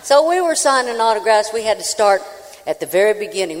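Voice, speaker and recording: A woman, a country singer, telling a folksy, animated comic story on a live stage before an audience. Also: medium pitch, a little fast. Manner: folksy, animated, with acted-out voices. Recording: reverberant live hall.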